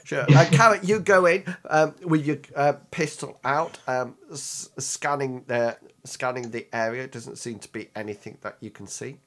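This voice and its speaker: A man running a tabletop game as game master, talking in a halting way with many ums and restarts. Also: mid-range voice, fairly bright tone.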